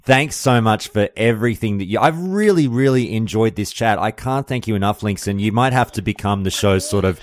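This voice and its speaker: Chummy male podcast host, lowish voice. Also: fairly quick, few pauses, dry recording, clean studio sound. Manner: chummy, effusive, calls everyone mate. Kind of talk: casual call-in chat. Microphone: call recording.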